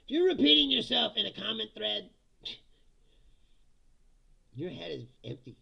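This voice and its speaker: A man on a live-stream giving a profane, blunt rant, laughing often between remarks. His voice is heavily gravelly and sharply bright, with a husky edge. His pitch sits a little high for a man. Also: sing-song, a little slow, highs cut off. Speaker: live-stream commentary host. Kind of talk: casual ranting live-stream commentary.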